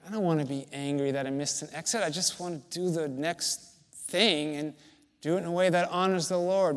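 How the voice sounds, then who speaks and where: Pastor telling a story in a reverberant hall. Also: male voice, on the high side, steady tone, brisk. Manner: conversational storytelling, self-deprecating. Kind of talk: sermon.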